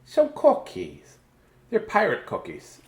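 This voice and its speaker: A man's voice: high voice, wildly swooping pitch, slow pace, reverberant, voice pushed up, heavily acted. A man doing a sweet little coaxing pirate. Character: small friendly pirate, eager to please. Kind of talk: storybook reading.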